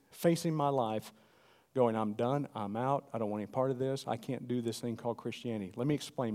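A middle-aged man preaching a sermon, animated and calling out to the congregation. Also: mid-range voice. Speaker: pastor.

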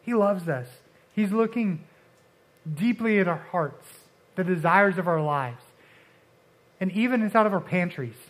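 A man preaching a casual, conversational sermon, often restarting and dropping suddenly soft for emphasis. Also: sits high, expressive, measured pace, pauses often. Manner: conversational, uses filler like and restarts, dramatic drops to soft.

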